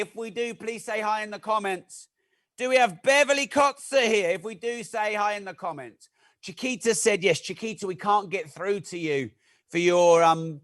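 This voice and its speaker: A man hosting a live-streamed masterclass, talking in an energetic, chatty way with jokey asides to his viewers. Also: high-pitched. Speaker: masterclass host. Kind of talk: live-streamed teaching talk.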